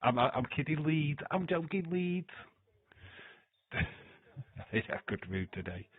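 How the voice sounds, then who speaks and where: A man's voice: a little high, big pitch swings, takes it slowly, slightly rough, no room sound. A man hosting a live watch-along stream, reading chat comments aloud and joking, teasing and laughing often. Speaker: livestream host. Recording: dry, phone-like lo-fi sound.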